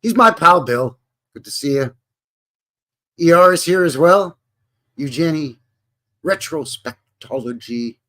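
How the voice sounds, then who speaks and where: A man's voice: on the high side, expressive, unhurried, pauses often, sharp tone. A man from Alberta with a Canadian accent, hosting a live stream in a rambling, folksy way and greeting viewers by name. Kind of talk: casual live-stream chat.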